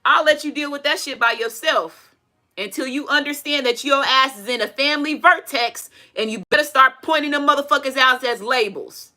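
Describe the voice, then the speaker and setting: A woman's voice: sits high, moderate pace, bright, forceful tone. A woman, giving a casual tarot reading with blunt, profane asides and preachy advice. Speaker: tarot reader. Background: faint music playing.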